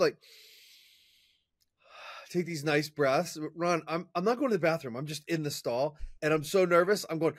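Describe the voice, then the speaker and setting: A man as an interview guest, telling a personal story in an energetic, chatty way with fillers and restarts. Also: on the high side, no room sound, studio quality. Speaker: interview guest, professional speaker. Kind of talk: casual storytelling in conversation.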